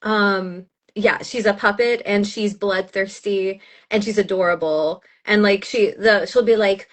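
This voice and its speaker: A woman in her thirties, an audiobook narrator chatting as a guest, animated and gushing, laughing often as she talks. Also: mid-range voice, a little slow. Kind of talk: casual chat.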